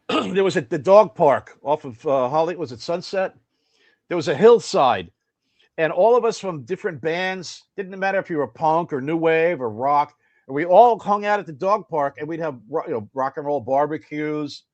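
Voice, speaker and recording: An older man tells winding anecdotes as a podcast guest, circling back and restarting as he goes. His voice sits fairly high for a man. The sound is dry and close. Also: moderate pace, dry recording. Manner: rambling, animated storyteller. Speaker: guest musician. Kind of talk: casual anecdotal interview.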